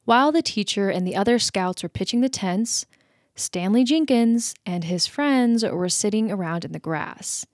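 A woman's voice: mid-range voice, lively intonation, normal speed, darkish tone, no room sound, studio quality. An American woman co-hosting a podcast, chatting playfully and laughing easily between reading spooky stories aloud. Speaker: podcast co-host. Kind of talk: casual chat and story reading.

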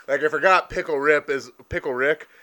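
A man's voice: a little high, fairly quick, sharp tone. A young man in casual, crude chat, laid-back and laughing often.

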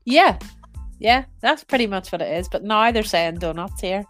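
A woman's voice: medium pitch, expressive, moderate pace, a bit bright, soft background music. A woman in her thirties, chatting casually as a podcast guest and explaining things with lots of fillers and asides. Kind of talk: casual conversational interview.

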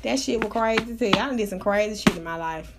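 A woman hosting her own radio show, telling wild stories in a loud, profane, animated way. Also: mid-range voice, fast, very noisy. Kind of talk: casual storytelling monologue.

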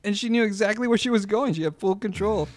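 A man's voice: high voice, fast talker, no room sound. A man co-hosting a podcast, telling stories in a casual chat, laughing often and acting out the voices of people he quotes. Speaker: podcast co-host.

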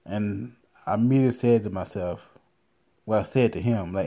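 A man's voice: lowish voice, normal speed, mellow. A young man hosting a podcast from his car, telling crude, profane stories in a loose, rambling way. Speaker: podcast host. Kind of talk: casual profane storytelling.

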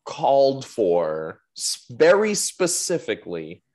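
A man's voice: mid-range voice, huge pitch swings, takes it slowly, a little mellow. A man joking around in casual podcast chat.

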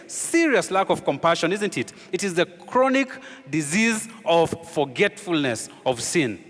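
A pastor preaches a sermon emphatically, posing rhetorical questions and often dropping low and quiet to drive a point home. His voice carries the sound of a big room.

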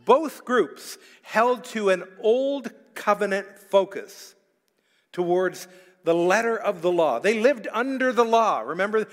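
High-voiced pastor preaching in a reverberant church. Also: male voice. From Canada. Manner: conversational preaching with asides and jokes to the congregation; frequent filler sounds and restarts. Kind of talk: sermon. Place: church hall.

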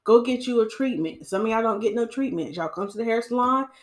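A woman hairstylist hosting a podcast, giving casual hair-care advice in a preachy, animated way and calling listeners sis. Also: on the high side, a little fast.

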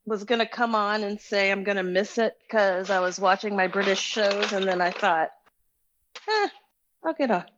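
A woman's voice: medium pitch, level tone, normal speed, few pauses, highs cut off, noisy background. A woman with a Southern US accent calls in to a podcast and chats about her family. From Southern United States. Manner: chatty, tells family stories. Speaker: caller. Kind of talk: casual chat.

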